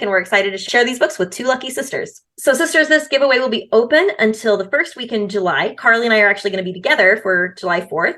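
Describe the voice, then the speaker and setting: A woman's voice: medium pitch, bright, forceful tone. A woman in her thirties co-hosting a podcast, talking casually and upbeat. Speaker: podcast co-host.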